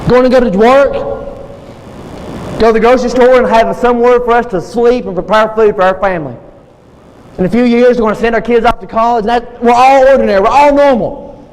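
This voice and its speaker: A pastor preaches a sermon in a church sanctuary, retelling a story with passion and repeating his key phrases. His voice is very high, fairly quick and a little mellow. The church hall gives a long reverb, with faint noise underneath.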